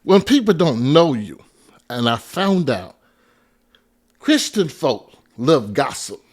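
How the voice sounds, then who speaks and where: Lively, laughing pastor. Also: male voice, a little high, slow pace, breathy edge. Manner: laughs often, builds to loud bursts. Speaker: pastor and podcast guest. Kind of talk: animated storytelling in casual conversation.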